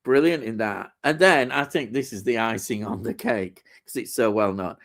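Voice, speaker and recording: A man's voice: fairly low pitch, normal speed, fairly bright tone. A man hosting a live stream, chatting casually and enthusiastically about films, with lots of fillers and restarts.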